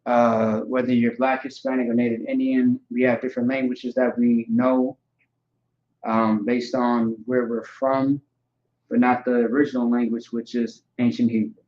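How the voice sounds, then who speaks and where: A man giving an informal vocabulary lesson, repeating each word slowly and checking in with "all right" and "okay". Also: mid-range voice, little pitch movement. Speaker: language teacher. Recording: echoey room, dull lo-fi sound.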